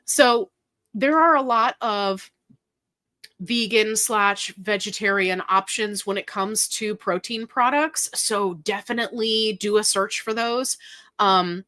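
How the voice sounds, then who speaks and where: A woman's voice: medium pitch, slow pace, sharp tone, dry recording. Chatty woman hosting a livestream. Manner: chatty, laughs often, talks straight to viewers. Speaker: host of a livestream. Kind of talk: casual live chat answering viewer questions.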